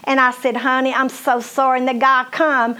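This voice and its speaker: A middle-aged woman preaches her own testimony in a folksy, emphatic way. Her voice sits high, and she keeps turning to address her listeners directly. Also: flat delivery, moderate pace, sharp tone. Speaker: minister. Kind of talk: testimony sermon.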